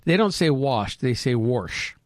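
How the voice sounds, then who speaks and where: A man's voice: mid-range voice, moderate pace, clean tone, no echo, studio quality. A man from California, chatting as a podcast co-host and rambling as he thinks aloud. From California, United States. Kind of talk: casual chat.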